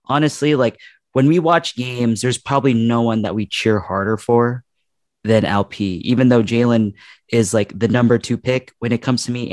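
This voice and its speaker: A man's voice: mid-range voice, darkish tone, no echo, studio quality. A man co-hosting a casual sports chat, enthusiastic and rambling with fillers.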